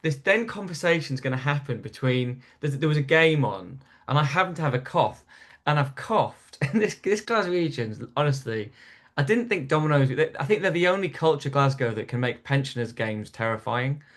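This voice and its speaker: A man's voice: on the high side, animated, moderate pace, fairly bright tone. A man from North East England, a stand-up comedian, telling stories in a casual podcast chat with frequent restarts. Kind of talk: storytelling in casual interview.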